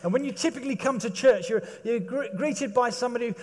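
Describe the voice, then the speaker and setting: A man's voice: extremely high pitch, fast. A man delivering a humorous, conversational sermon in a church, laughing as he talks. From Britain. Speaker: preacher. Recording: echoey church hall.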